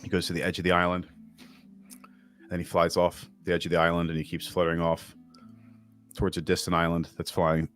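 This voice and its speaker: Brief: male game master, deep voice, loose rambling narration, light music under it. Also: brisk, pauses often. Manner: relaxed rambling narration with many fillers.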